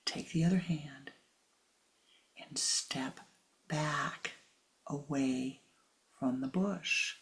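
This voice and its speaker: A woman voicing a calm, kindly young yogi who gently coaxes a suffering man step by step. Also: low voice, drawn-out words, long pauses, pitched below the performer's own voice, exaggerated voice. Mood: coaxing. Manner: gentle, patient coaxing.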